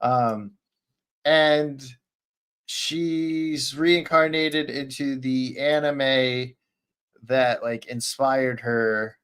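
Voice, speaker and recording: A man's voice: medium pitch, steady tone, extremely slow, fairly bright tone, clear, resonant tone. A man co-hosting a podcast, chatting bluntly and eagerly about anime, swearing freely. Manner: enthusiastic, profane, blunt. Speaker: podcast co-host. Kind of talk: casual chat about anime.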